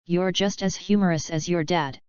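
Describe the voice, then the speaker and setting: A woman reading the lines of a sealed old male martial-arts uncle, slow and amused. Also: lowish voice, steady tone, clean tone, no room sound, close to an everyday voice. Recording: slightly dull lo-fi recording.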